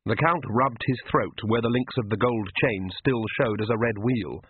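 A man narrating an audiobook in a dry, measured manner, over a tinny radio broadcast. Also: mid-range voice, husky, dry recording.

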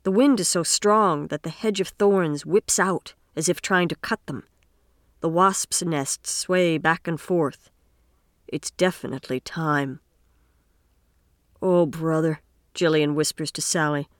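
A woman with a low-pitched voice narrates an audiobook from a script, measured yet expressive in her storytelling. The studio sound is clean with no echo.

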